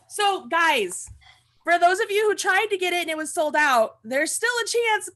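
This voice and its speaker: A woman's voice: extremely high pitch, very animated, fairly quick, sharp tone. A woman hosting a casual livestream chat, gushing and repeating herself. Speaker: host.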